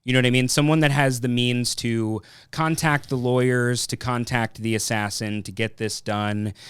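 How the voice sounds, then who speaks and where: A man's voice: medium pitch, steady tone, moderate pace, clear, resonant tone, no room sound, studio quality. A man hosting a casual film review podcast, rambling and thinking aloud as he tells a story. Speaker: podcast host.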